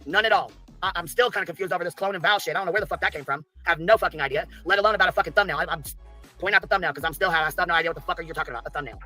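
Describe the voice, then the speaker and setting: A man's voice: a little high, very fast, bright, forceful tone, soft background music. A man ranting angrily on a livestream clip, heated and confrontational, swearing constantly. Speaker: streamer ranting in a played clip. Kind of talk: angry livestream rant.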